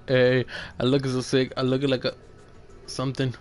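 A young man giving loud, excitable commentary while playing a video game, swearing and trash-talking his teammates. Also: medium pitch, moderate pace. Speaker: gamer streaming gameplay. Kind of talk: casual gameplay commentary.

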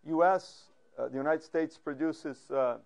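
A man lecturing a class, halting often with fillers and restarts and putting questions to the audience. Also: fairly high pitch, vocal fry. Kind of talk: academic lecture. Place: lecture room.

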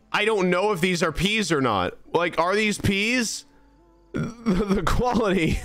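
Young male game streamer, unhurried and rambling, exasperated and self-mocking, with faint music underneath. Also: on the high side, a bit bright. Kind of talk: casual gameplay commentary.

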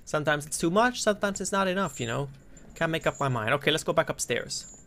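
A man commentating his play of a horror game, joking and cursing, and breaking into loud frightened yelps when scared. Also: fairly high pitch, lively intonation, quick pace. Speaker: gameplay commentator.

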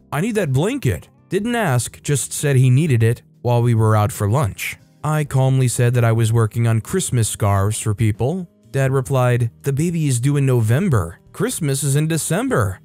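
A man hosting a storytime show, reading online posts aloud and adding relaxed personal asides between them. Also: mid-range voice. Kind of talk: storytime narration with casual commentary.

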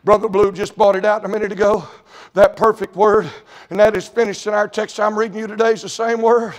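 A middle-aged man preaching a fiery church sermon, swinging between quiet storytelling and shouted, chanting climaxes. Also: sits high, flat delivery, a little fast. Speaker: evangelist preacher.

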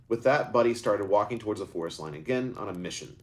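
A man's voice: on the low side, animated, fast talker. A man reading his own book aloud live, stumbling and correcting himself as he goes. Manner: unscripted stumbles and self-corrections. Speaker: author and narrator.

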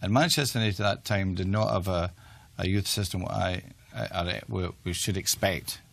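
An older man with a Glaswegian accent talks through his memories in a measured, reflective way, often restarting his sentences. His voice sits a little low in pitch. He speaks as an interview guest. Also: fairly even intonation, gravelly, a bit bright. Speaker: retired football manager, guest. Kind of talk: interview conversation.

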